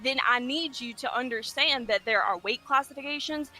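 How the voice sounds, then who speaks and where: A woman with a Southern US accent argues in a high, bright, sharp voice. She is combative and condescending, swearing as she presses her point, over faint music. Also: normal speed. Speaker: debater. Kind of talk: heated online debate.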